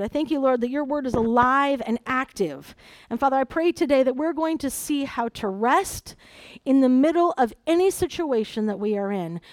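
High-voiced woman preaching a sermon. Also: dry recording. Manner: animated, dramatizes the Bible story with voices and asides. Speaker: conference speaker. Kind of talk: sermon with scripture reading.

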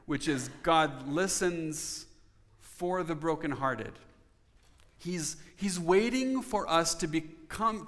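A man's voice: high-pitched, a bit bright, long reverb tail. A man preaching a sermon in an earnest, conversational way, now and then putting questions to his congregation. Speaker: pastor.

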